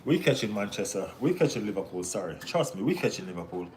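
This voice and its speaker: Laid-back Jamaican man, low voice. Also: fast, a little hiss or hum. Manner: laid-back banter with Caribbean slang, bursts of excited teasing. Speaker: football watch-along host. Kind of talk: casual live-stream chat reading viewer comments.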